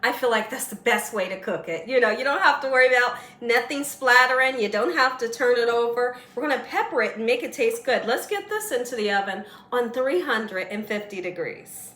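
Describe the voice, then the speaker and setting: A woman hosting a casual cooking demonstration in her home kitchen, chatty and excitable. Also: on the high side, brisk, few pauses, roomy sound. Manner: chatty and excitable, laughs while telling stories. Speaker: cooking channel host.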